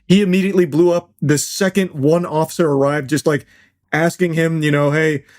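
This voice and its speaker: A man in his thirties giving crude, sarcastic commentary on a news clip in a deadpan way. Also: fairly high pitch, a little fast. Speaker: commentary host.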